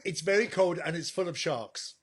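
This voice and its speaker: A man's voice: a little high, moderate pace, husky. A man hosting an interview, asking light questions and giving brief affirmations. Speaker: interviewer, show host. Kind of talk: casual interview.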